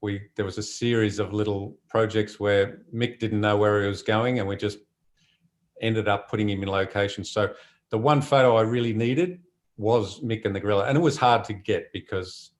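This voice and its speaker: A man, a surf photographer telling stories from his trips in a relaxed, chatty way with frequent laughs. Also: fairly low pitch, normal speed. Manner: relaxed and chatty, laughs often, many fillers. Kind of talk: casual conversational storytelling.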